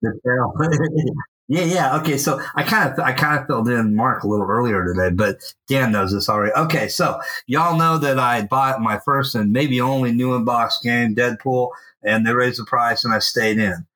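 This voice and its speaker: Man, podcast co-host, bright tense voice, animated, swears freely, casual chat. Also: mid-range voice, normal speed, rough recording. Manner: animated, profane storyteller. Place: at home.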